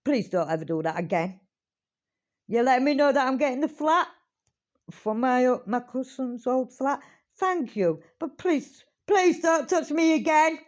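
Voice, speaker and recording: A woman's voice: high voice, lively intonation, measured pace, lo-fi sound. A woman hosting a reaction video, talking dramatically straight to her viewers and swearing now and then. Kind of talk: casual reaction commentary.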